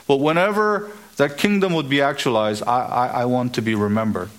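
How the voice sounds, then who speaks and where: A man's voice: medium pitch, brisk. A male pastor preaching a sermon, emphatic, with rising exclamations and scripture readings.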